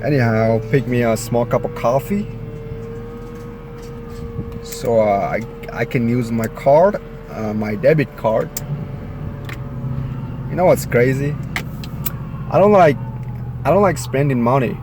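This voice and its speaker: A man's voice: mid-range voice, animated, slow pace, pauses often. A young man vlogging casually while putting on a southern American accent, rambling about his trip. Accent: put-on southern American. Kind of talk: casual vlog talk to camera. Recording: noisy phone vlog audio.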